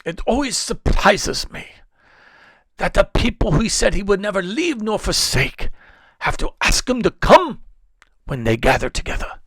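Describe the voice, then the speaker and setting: A male pastor putting on an impression of another preacher, speaking in an earnest, measured preaching cadence. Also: sits high, big pitch swings, a bit bright, breathy edge, dry recording, voice pushed up, heavily acted.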